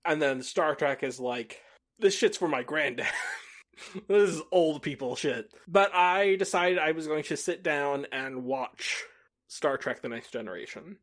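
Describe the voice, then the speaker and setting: A man's voice: fairly high pitch, measured pace, fairly bright tone. A man co-hosting a podcast in casual chat, swearing freely, laughing often and acting out what other people say. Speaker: podcast co-host.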